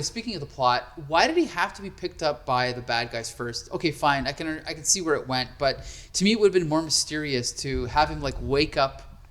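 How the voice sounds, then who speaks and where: Animated podcast guy ranting. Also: fairly high pitch. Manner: animated, emphatic, rants with frequent "like". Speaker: podcast co-host. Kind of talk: casual chat.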